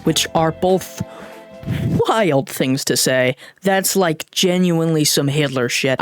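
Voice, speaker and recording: Sarcastic woman ranting unscripted. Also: on the low side. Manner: sarcastic, profane and scornful; blunt, heated, lively delivery. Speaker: political commentary vlogger. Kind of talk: unscripted rant to camera.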